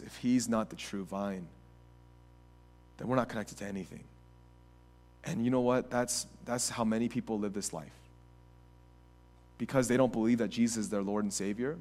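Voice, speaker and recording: A male pastor preaching a sermon. He moves between quiet reflection and impassioned, near-shouted passages, often repeating and restarting phrases. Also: lowish voice, steady tone, normal speed, long pauses.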